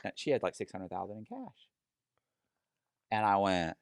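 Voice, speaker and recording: A man telling a story in a casual interview, animated and profane, acting out other people's lines as he goes. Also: lowish voice, normal speed, pauses often, clear, resonant tone, no room sound, clean studio sound. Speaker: guest telling his story.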